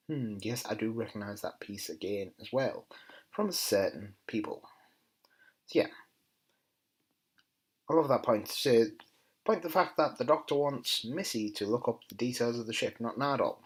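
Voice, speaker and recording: A man giving a chatty, enthusiastic spoken review, often dropping into quiet muttered asides. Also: mid-range voice, expressive, moderate pace, slightly rough, low-quality recording. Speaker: TV episode reviewer.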